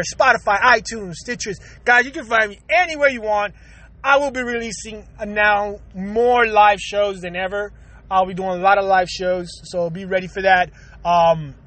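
A man's voice: sits high, bright, forceful tone. A man hosting his own podcast, ranting in a profane, rambling way and laughing often. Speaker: podcast host. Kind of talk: casual podcast rant.

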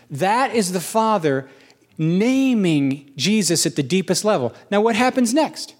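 Middle-aged male pastor, preaches in a raised register, animated, leans hard on key phrases. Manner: animated, rising to high questioning bursts; slows for emphasis on key phrases. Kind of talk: sermon.

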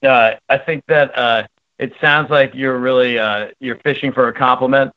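Guy calling in to a podcast, rambly and halting, dry muffled phone sound. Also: medium pitch, fairly even intonation, no echo. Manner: rambling, self-deprecating, halting. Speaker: guest calling in. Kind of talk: casual interview chat. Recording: dull dry phone call.

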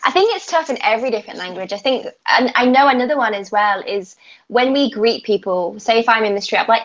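A British woman in casual livestream chat, her voice set a little high. She talks in an animated way and plays out small exchanges in brighter voices. The sound is dull and lo-fi. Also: fast. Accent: British English. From Britain.

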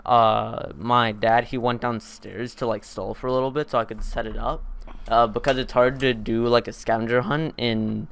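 A man's voice: mid-range voice, fairly even intonation, moderate pace, vocal fry, a bit bright, smooth. A teenage boy hosting a podcast, telling a long story in a casual, rambling way with lots of fillers and restarts. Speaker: podcast host.

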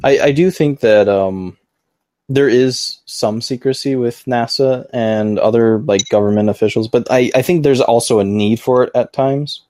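A man's voice: medium pitch, moderate pace, mellow, no echo, clean studio sound. A man hosting a casual livestream podcast, talking in a rambling, easygoing way full of fillers. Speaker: podcast host.

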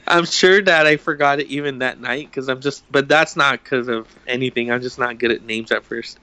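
A man's voice: mid-range voice, moderate pace, sharp tone, clean tone, no echo. A young man co-hosting a podcast, telling a story in a rambling way, swearing freely and acting out the quotes. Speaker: podcast co-host. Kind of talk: casual chat, storytelling.

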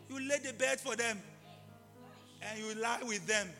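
A man preaching a live sermon in an impassioned way, repeating key phrases and bursting into shouts. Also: very high voice, measured pace, long pauses. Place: large church hall. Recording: live hall reverb with faint music.

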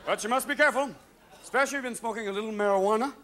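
A man with a very high voice tears through a stand-up set on a theater stage, jumping manically from one voice to the next. The live concert recording carries loud audience laughter and a noisy room behind him. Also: a faint crowd. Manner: manic, rapid voice switching. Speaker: stand-up comedian.

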